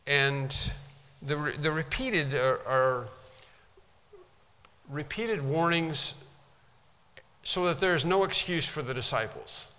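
A man's voice: fairly high pitch, takes it slowly, long pauses, sharp tone. Emphatic preacher man in echoing hall. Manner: emphatic, repeats for stress. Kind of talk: sermon. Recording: long hall reverb.

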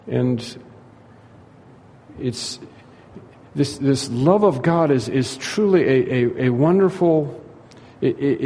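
A man's voice: a little high, a little mellow, in a large hall. A man preaching a sermon in an earnest, repetitive way, acting out the dialogue he tells.

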